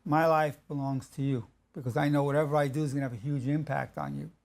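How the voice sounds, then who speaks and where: A man's voice: on the high side, steady tone, fast, creaky, a little mellow. A man giving relationship advice in a casual spoken talk, often acting out what partners say to each other, with frequent restarts. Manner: conversational, acts out quoted couples, frequent restarts.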